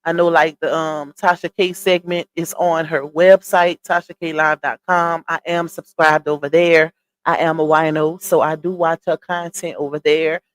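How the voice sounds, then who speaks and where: A woman's voice: low-pitched, level tone, normal speed. A woman hosting a casual livestream, chatty and greeting her viewers by name, a little winded from a cold. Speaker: livestream gossip host. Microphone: computer streaming setup.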